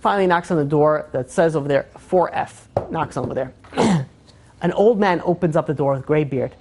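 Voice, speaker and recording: A man, a rabbi, telling a story in a sermon with lively energy, acting out the people in the tale and filling his talk with fillers and restarts. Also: fairly high pitch, normal speed, background noise.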